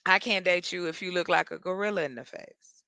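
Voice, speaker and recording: A woman in a casual panel chat who speaks her mind bluntly and with emphasis. Her voice is bright and a little sharp, and it is recorded dry and close. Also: fairly low pitch, fairly quick, smooth, no room sound.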